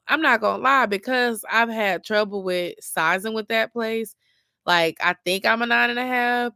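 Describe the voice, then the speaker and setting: A woman's voice: medium pitch, a bit bright, dry recording, clean studio sound. A young woman, chatting casually and a bit sleepily with viewers in a rambling, informal way. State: sleepy, yawning. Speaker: lifestyle vlogger. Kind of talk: casual late-night chat with viewers.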